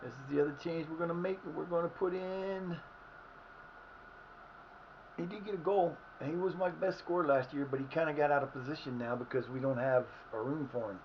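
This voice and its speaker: Hoarse man rambling over a game. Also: on the high side, a little fast, highs cut off, a little hiss or hum. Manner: rambling, cursing at the players. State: hoarse, losing his voice. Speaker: streamer. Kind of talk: live gameplay commentary. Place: his house.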